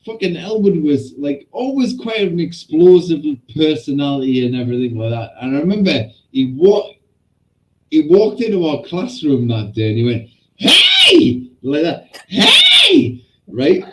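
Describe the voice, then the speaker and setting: Man, lively storyteller, swears freely, slightly raised pitch, pitch jumps all over. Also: normal speed, low-quality recording. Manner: animated storyteller, swears a lot, acts out voices and shouts. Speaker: podcast co-host. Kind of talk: casual chat, storytelling.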